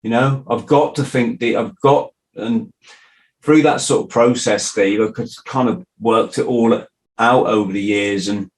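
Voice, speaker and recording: A man's voice: on the low side, low-quality recording. A man hosting a podcast, talking in a candid, easygoing way and swearing casually. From Britain. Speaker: podcast host. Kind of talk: casual interview chat.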